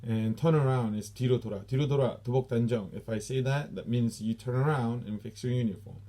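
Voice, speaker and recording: Slow, patient repetition marks this lesson: a Korean-accented taekwondo instructor, his voice mid-range and mellow, walks students through Korean dojang terms one by one.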